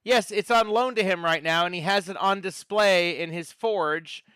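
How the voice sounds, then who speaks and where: Man narrating a tabletop game, smooth and dry. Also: high-pitched, moderate pace, sharp tone, dry recording. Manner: storytelling with many fillers and restarts. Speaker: dungeon master.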